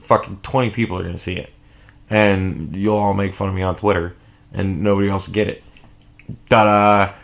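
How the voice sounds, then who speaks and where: A man giving casual reaction commentary, animated and profane, rambling with restarts and sounding sleep deprived. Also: low-pitched, moderate pace, creaky. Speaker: commentary vlogger.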